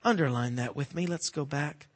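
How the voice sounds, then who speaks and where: A man delivers a sermon at normal speed in a fairly high voice, quizzing the congregation with fill-in-the-blank questions. His delivery swings between hushed moments and loud, emphatic ones.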